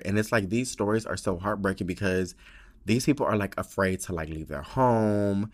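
A man hosting a podcast in casual chat, expressive and profane, with many filler "likes". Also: lowish voice, a little fast. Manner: expressive, profane, heavy use of "like". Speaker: podcast host.

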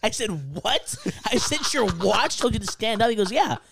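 A man's voice: extremely high pitch, lively intonation, normal speed, creaky, background noise. A young man in casual chat, telling stories full of "like" and "bro" and laughing often.

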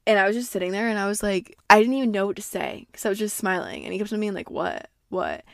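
Gravelly young woman podcaster. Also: medium pitch, fairly even intonation, very fast, no room sound, clean studio sound. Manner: rambling, profane and candid. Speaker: podcast host. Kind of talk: casual solo chat.

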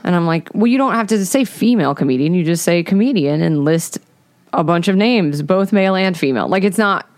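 A woman's voice: fairly low pitch, animated, brisk, darkish tone, no room sound. A woman comedian chatting casually, telling a story and acting out the voices in it. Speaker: comedian guest.

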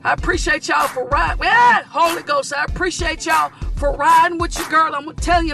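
Woman host, passionate preaching style, very high, bright tone, half-sung cadence, recorded in a vehicle. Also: normal speed, creaky, hardly any pauses, soft background music. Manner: fervent, shouting and half-singing phrases. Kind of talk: impassioned motivational preaching.

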